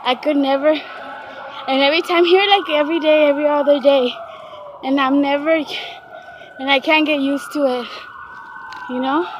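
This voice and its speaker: High voiced woman vlogging, slow and out of breath, loud street noise. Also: steady tone, highs cut off. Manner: chatty, switches into Spanish with family. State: out of breath from walking uphill. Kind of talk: casual vlog chat. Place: outdoors on a city street. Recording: noisy street background.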